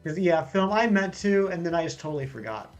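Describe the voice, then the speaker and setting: Young male streamer with a higher-than-average voice, relaxed chatter, reads chat and banters, faint music behind. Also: brisk, muffled recording. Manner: chatty, reads viewer comments aloud and banters. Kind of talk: casual live-stream chat.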